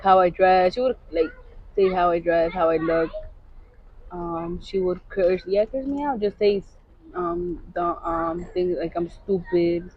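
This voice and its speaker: A woman co-hosting a podcast, telling a personal story in casual confessional chat, halting with many restarts. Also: fairly low pitch, lo-fi sound, slight background noise. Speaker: podcast co-host.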